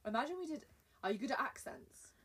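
A young woman hosting a podcast, chatting playfully and excitably. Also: high-pitched, fast, crowd noise. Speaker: podcast host. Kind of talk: casual chat.

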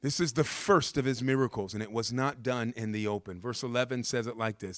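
A man's voice: medium pitch, fairly even intonation, a little fast, few pauses, fairly bright tone, no room sound, studio quality. A man preaching a sermon, telling the story with humor and repeating words for emphasis.

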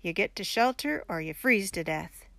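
A woman's voice: mid-range voice, expressive, moderate pace, gravelly, a bit bright, no room sound. Woman doing a blunt, drawling frontier man. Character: stubborn frontier man defending his land, proud.

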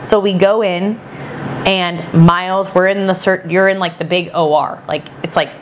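A woman in her thirties, a podcast guest, telling a personal story in a chatty, animated way and acting out what people said. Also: on the low side, normal speed, slight background noise. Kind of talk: casual storytelling chat.

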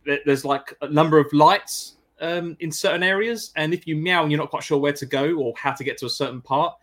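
A man's voice: fairly high pitch, brisk, a bit bright. A man co-hosting a casual chat about a game, rambling and reading out chat comments. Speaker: podcast co-host.

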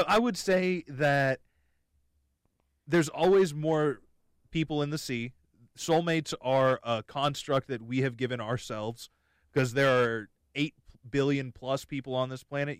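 A young man in casual podcast chat who rambles, jokes and restarts his sentences. His voice is smooth and resonant, and the recording is dry and close, with no room sound. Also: mid-range voice, unhurried, dry recording. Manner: rambling, jokey, many restarts. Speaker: podcast host.

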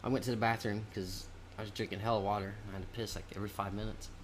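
A man's voice: lowish voice, little pitch movement, racing, slight background noise. A man co-hosting a podcast in casual, profane chat, laughing often. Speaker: podcast co-host.

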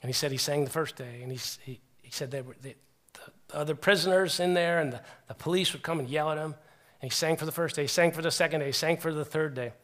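A middle-aged man preaching a sermon, earnest and animated, with frequent restarts as he retells stories. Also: on the high side, quick pace.

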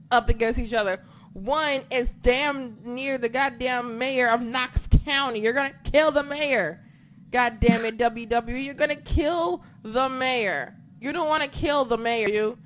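A podcast co-host in a casual recap chat, who talks excitably, swears a lot and acts out their own reactions. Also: mid-range voice, a little hiss or hum.

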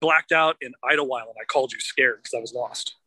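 A man's voice: medium pitch, brisk, sharp tone, slightly rough, no echo, rough recording. A man co-hosting a podcast, telling a rambling story in casual chat, laughing and swearing freely. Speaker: podcast co-host. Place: outdoors by traffic.

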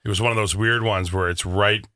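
A man co-hosts a radio show. His tone is bright and sharp on a close, dry mic. He jokes around and tells stories in a casual way. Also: on the low side, steady tone, brisk, no echo. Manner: joking storyteller. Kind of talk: casual studio banter. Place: radio studio. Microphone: studio microphone.

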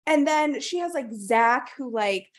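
Young woman, kinda high voice, giggly and swearing, casual podcast chat. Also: expressive. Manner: laughs often, swears, quick asides. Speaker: podcast co-host.

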